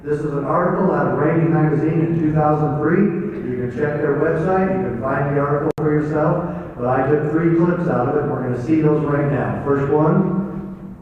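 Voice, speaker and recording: An older man, a retired sheriff, giving an impassioned public speech with loud emphatic peaks. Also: a little high, moderate pace, slight background noise. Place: public hall. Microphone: distant room recording. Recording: echoey hall, distant, tinny.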